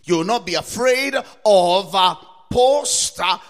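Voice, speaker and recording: A man preaching a sermon to listeners, asking rhetorical questions again and again, citing scripture verses and building up to emphatic shouts. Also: high voice, animated, slow. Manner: quotes and cites scripture verses. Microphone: recorded for broadcast to listeners or viewers.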